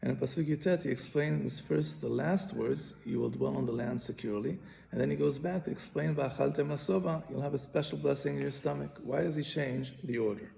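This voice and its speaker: Gravelly-voiced man teaching a text. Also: mid-range voice, a little fast, warm tone, a little hiss or hum. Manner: patient, repeats and restarts phrases while explaining. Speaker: Torah teacher. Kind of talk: explaining a Bible commentary.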